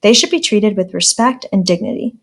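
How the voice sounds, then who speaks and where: A woman's voice: medium pitch, lively intonation, fairly quick, slightly rough. A woman reading aloud as a bossy schoolgirl who scolds and lectures in a raised voice. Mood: preachy. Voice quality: scolding, preachy.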